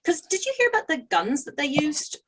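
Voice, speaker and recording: Female co-host, chatty and quick-witted, slightly high voice. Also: big pitch swings, background noise. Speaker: podcast co-host. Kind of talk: casual podcast chat.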